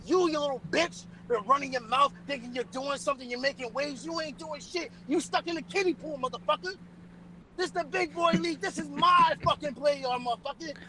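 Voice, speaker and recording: A man's voice: very high voice, brisk, pushed and bright, slight background noise, rough recording. A man voicing a brash, foul-mouthed wrestler who boasts and trash-talks, in a put-on silly voice. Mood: boastful threats. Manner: profane trash talk, refers to himself by name. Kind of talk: wrestling roleplay promo.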